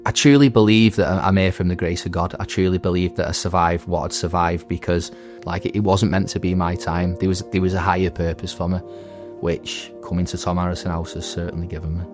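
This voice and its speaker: A man in his thirties tells his own story in a deep, low voice, halting and restarting as he goes. His delivery stays even and level, with little rise and fall, and soft music plays faintly behind him. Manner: earnest, halting, with many restarts. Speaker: veteran and recovery centre graduate and staff member. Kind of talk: personal testimony.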